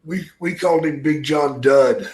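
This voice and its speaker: A retired wrestler spins rough, cussing stories in a loose, rambling way. The man's voice sits fairly high for his sex. The sound rings around an echoey room. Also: a little slow, darkish tone, a little hiss or hum. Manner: gruff, profane, rambling anecdotes. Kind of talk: casual podcast storytelling.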